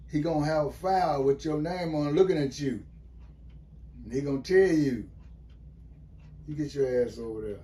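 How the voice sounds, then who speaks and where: A man's voice: medium pitch, warm tone. Older man recalling prison days. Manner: rambling, repeats "you know what I mean". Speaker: interview guest, former prisoner. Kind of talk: casual storytelling interview.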